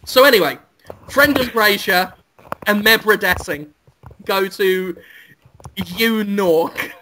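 A man's voice: takes it slowly, slight background noise. Giggly man spinning absurd stories. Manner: giggly, absurd deadpan pitch. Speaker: podcast co-host. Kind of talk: comic storytelling.

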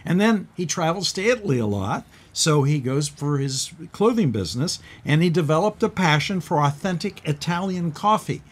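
An older man hosting a TV talk show, chatting casually and jokingly with a guest, with a slightly husky voice and big swings when he tells a story. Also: normal speed, few pauses. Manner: animated, jokey, big pitch swings when telling stories. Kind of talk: casual TV interview chat. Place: TV studio.

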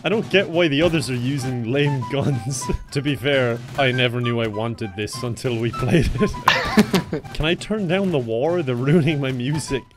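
A man chatting and joking while playing an online game with friends, laughing often and getting excitable. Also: medium pitch, unhurried, music in the background. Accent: Irish. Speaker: gaming YouTuber. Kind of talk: casual gameplay banter.

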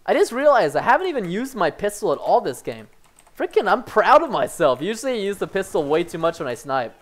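Excitable young man with a lively voice. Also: high voice, a little fast. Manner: excitable, jumps between frustration and excited yelps. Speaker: gaming commentator. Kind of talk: live gameplay commentary.

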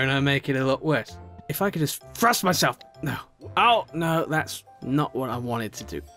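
Male gamer, frustrated rage commentary, loud outbursts to low grumbles, heavy swearing. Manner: swearing, scolding himself and his character in frustration; swings between yelling and low muttering. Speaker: gaming YouTuber. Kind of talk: gameplay commentary.

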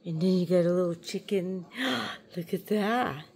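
A woman's voice: fairly low pitch, a little slow, vocal fry, darkish tone. A woman cooing at her pet rabbit in sing-song baby talk, gasping with delight as she shows it toy eggs at home.

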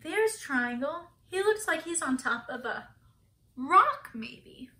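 A woman's voice: high voice, expressive, unhurried, a bit bright, echoey room. A woman teacher reading a picture book aloud to children, asking them questions and gasping for effect.

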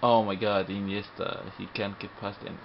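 A young man giving live, excitable gameplay commentary, often frustrated and swearing at the game. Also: lowish voice, moderate pace, vocal fry. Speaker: gamer. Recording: muffled recording with faint hum.

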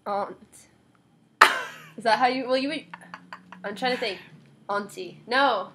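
A woman's voice: on the high side, brisk, very noisy. A young woman from New York City, chatting casually and playfully mimicking in a challenge video. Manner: playful, giggly, mimicking accents. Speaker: video co-host. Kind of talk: casual accent challenge chat.

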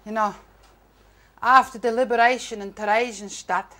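Wry, high-voiced woman performing solo. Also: steady tone, normal speed, fairly bright tone. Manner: wry, self-mocking storyteller. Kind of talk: one-woman comedy show. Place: theatre stage.

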